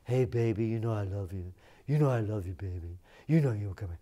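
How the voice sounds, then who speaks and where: A man voicing a smug man crooning lovey-dovey lines into a cell phone, in a low, soft, syrupy murmur. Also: a little fast, lightly acted.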